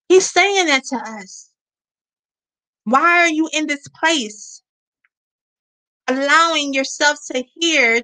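Woman preacher, high and bright, earnest, repeats lines for emphasis. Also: poor audio. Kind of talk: sermon.

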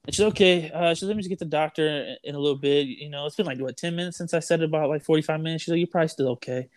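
A man's voice: on the high side, rapid-fire, dry recording. A young man telling a story in casual chat, rambling with lots of "like", "dude" and "bro". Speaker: storyteller guest.

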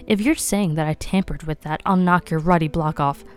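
A woman reading a blunt, quick-tempered middle-aged man who speaks gruffly. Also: sits low, soft background music, natural voice. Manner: angry and gruff.

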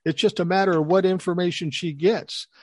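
An older man spins a story in casual conversation, his voice sitting a bit high. He is animated and slips into the voices of the people he quotes. The sound is dry and close. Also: brisk, no echo.

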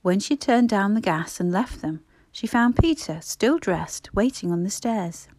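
A woman narrating a classic children's story in a measured, expressive reading. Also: mid-range voice. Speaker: audiobook narrator.

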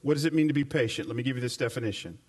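A male pastor preaching a sermon, animated and full of repeated phrases, telling folksy, humorous stories to his congregation. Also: mid-range voice, very fast. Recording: voice picked up from a distance.

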